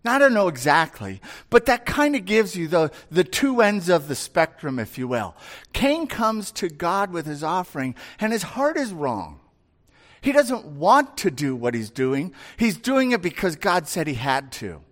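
A man's voice: sits high, a little slow. A male pastor delivering a conversational sermon, retelling scripture with acted voices. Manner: conversational, animated storyteller.

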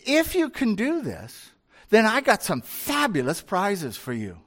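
A man's voice: high voice, wildly swooping pitch, measured pace, fairly bright tone, full character voice. A man voicing an arrogant ancient king who mocks and talks down to a prophet, in the middle of a sermon. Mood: condescending. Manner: mocking, talking down.

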